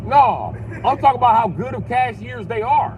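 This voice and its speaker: A man's voice: extremely high pitch, lively intonation, normal speed, narrow, tinny audio, slight background noise. Crude ranting man in a car. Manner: blunt, crude, emphatic. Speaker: vlogger. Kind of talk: profane ranting monologue.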